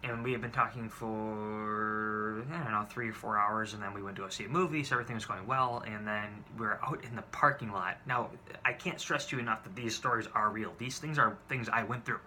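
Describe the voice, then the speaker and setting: A man's voice: fairly low pitch, fairly quick, sharp tone, slight background noise. A man in his twenties telling date stories to camera in a casual, exasperated and profane way, rambling with restarts. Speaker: vlogger.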